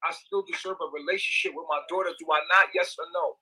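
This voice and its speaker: A man's voice: a little high, steady tone, fast, background noise. A young man, ranting in an agitated, repetitive, profane livestream monologue.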